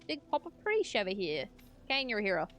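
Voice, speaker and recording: A woman's voice: mid-range voice, wildly swooping pitch, quick pace, a bit bright. A young adult woman streamer chatting casually with her chat while gaming, laughing often.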